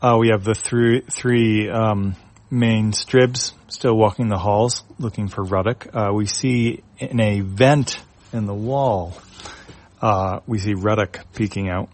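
A man casually reading a comic aloud and describing its panels, halting often with filler words. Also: fairly low pitch, steady tone. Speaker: reader of a webcomic.

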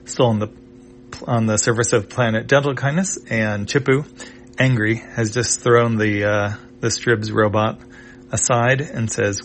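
A man reading a sci-fi comic aloud panel by panel in a halting way, with pauses and fillers. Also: fairly low pitch, fairly even intonation, a little hiss or hum. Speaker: comic reader.

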